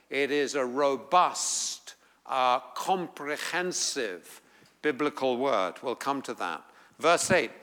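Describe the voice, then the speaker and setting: A man with an English accent, from England, teaching a Bible class, reading scripture aloud and explaining it in a deliberate way. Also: medium pitch, a bit bright, in a large hall.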